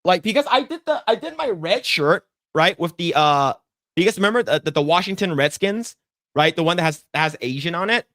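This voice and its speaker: A man's voice: sits high, expressive, fairly quick, pushed and bright, no echo, studio quality. A man co-hosting a podcast, chatting casually while he draws, rambling and repeating himself and swearing freely when annoyed. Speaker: podcast co-host. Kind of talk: casual chat while drawing on stream.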